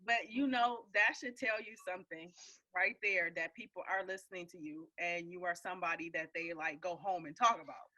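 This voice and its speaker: Woman host, lively and forceful, animated pep-talk delivery on a group call. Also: on the low side, fairly quick, highs cut off. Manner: emphatic, encouraging, animated. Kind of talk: casual group call chat.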